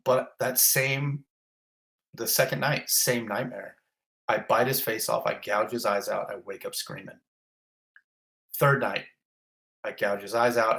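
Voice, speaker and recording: A fire captain giving a vivid, blunt first-person account with swearing, in an interview. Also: male voice, fairly low pitch, fairly even intonation, measured pace, gravelly, long pauses, a bit bright. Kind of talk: intense first-person retelling.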